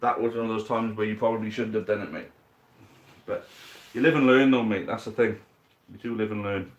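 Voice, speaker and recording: A man commentating a football dice game live for a stream, building excitement at big moments and chatting to viewers as mates. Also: on the low side, brisk, lo-fi sound.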